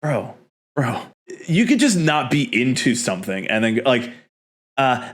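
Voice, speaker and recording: A man in his thirties hosts a casual reaction chat, ranting animatedly, swearing and laughing at what he watches. His voice sits at an ordinary middle pitch for a man. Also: sing-song, unhurried. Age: 30s. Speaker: host.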